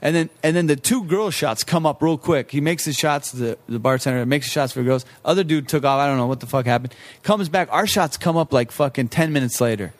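A man telling a bar story in a casual chat, swearing a lot and acting out the people in it. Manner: profane, fast, acts out voices with high yelps. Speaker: comedian guest telling a story.

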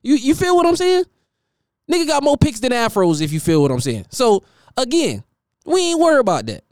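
A man's voice: extremely high pitch, huge pitch swings, a little fast, darkish tone, no echo, clean studio sound. A man hosting a casual football commentary monologue, teasing rival fans with profane trash talk. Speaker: sports commentator host.

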